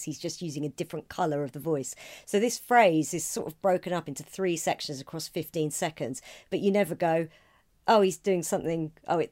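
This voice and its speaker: A woman who co-hosts a podcast, a singer and comedian, chatting casually about vocal technique with frequent laughter. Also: deep voice. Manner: animated, laughs often, breaks into sung demonstrations.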